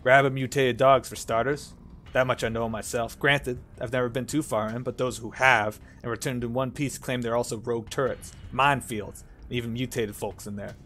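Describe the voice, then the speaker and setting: A man's voice: mid-range voice, steady tone, normal speed, fairly bright tone, a little hiss or hum, lightly acted. A man voicing a blunt, matter-of-fact female junk merchant with a put-on Southern accent. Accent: put-on American Southern.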